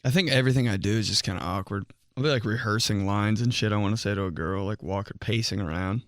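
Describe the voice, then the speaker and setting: A man's voice: lowish voice, fast talker, hardly any pauses, no echo, studio quality. A young man telling casual comic stories about himself, rambling, full of fillers and laughing at his own jokes. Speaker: comedian. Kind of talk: casual comedic storytelling monologue.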